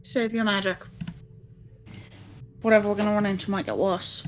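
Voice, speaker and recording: A woman playing in a tabletop game, talking in a lively, bantering way. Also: mid-range voice, normal speed, highs cut off, a little hiss or hum. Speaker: player.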